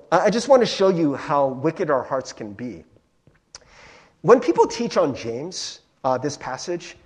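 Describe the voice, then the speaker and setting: A male pastor with a voice on the high side and a breathy edge gives a casual, joking sermon. He's animated and speaks straight to the congregation, calling them friends and guys.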